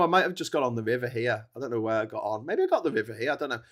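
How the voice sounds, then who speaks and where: A man's voice: mid-range voice, sing-song, very fast, fairly bright tone. A man hosting a livestream, telling a rambling travel story in a chatty way. He often breaks off mid-sentence and laughs at his own story. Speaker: livestream host.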